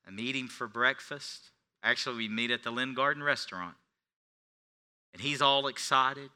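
Bright-voiced man preaching a sermon. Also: mid-range voice, moderate pace, smooth. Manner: confessional storytelling, dropping to near whispers then rising to shouts. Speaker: pastor.

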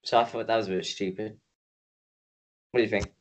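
A man's voice: on the low side, steady tone, brisk. A tired young man from the UK co-hosting a casual podcast, joking and rambling with swears. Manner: jokey, rambling, swears, mock announcer bits. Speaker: podcast co-host. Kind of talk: casual chat.

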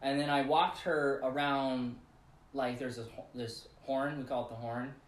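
A man's voice: medium pitch, unhurried. Chatty man narrating an anecdote; rambling, laughs through it, echoey room. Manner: rambling, animated retelling with laughs. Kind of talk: casual storytelling chat.

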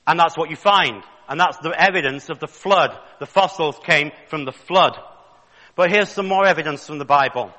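A man's voice: a little high, moderate pace, bright, forceful tone, in a large hall, rough recording. A man preaching a sermon with fervent, rising emphasis and pointed questions to the congregation.

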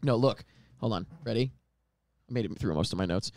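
A man's voice: on the low side, a little fast, no room sound. A man chatting casually as a podcast guest, telling stories with lots of laughter. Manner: animated storyteller, laughs often. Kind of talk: casual chat.

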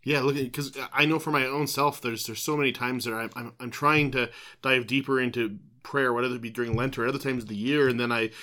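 A man's voice: mid-range voice, fairly even intonation, fast, few pauses, bright, forceful tone. A young man co-hosting a faith podcast, talking casually and eagerly, often repeating words as he thinks. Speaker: podcast co-host. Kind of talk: casual chat.

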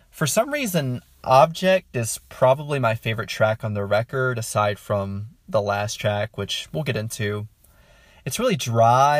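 A man's voice: mid-range voice, dry recording. A man giving a casual, enthusiastic album review, rambling with many "um"s and chuckling mid-sentence. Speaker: music reviewer.

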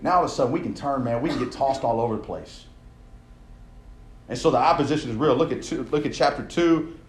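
Echoey man preaching with casual punch. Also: medium pitch. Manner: conversational, tags lines with "right?"; building intensity with repeated phrases. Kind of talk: sermon. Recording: echoey room sound.

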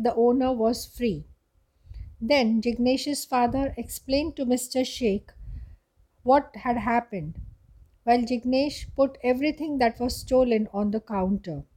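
A woman narrating a children's moral story, reading aloud slowly and carefully. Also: a little high, dark tone, poor audio.

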